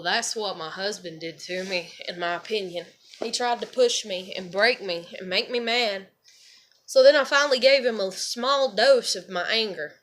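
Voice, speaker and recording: Woman vlogger, somewhat high and bright-voiced, casual rambling delivery, salty language. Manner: rambling, swears freely, leans on "you know" and "like".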